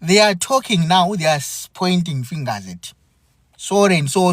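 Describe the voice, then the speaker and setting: Impassioned man, slow and lively. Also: sits high, no room sound, studio quality. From Zimbabwe. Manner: earnest and aggrieved, repeating phrases with halting restarts. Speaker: podcast host. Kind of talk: impassioned spoken monologue.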